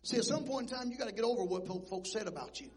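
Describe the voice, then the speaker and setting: A man pastor preaching a sermon, telling stories and moving between quiet asides and loud shouted points. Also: high voice, racing, breathy edge, long reverb tail. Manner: animated storytelling preacher who swings between soft asides and shouting.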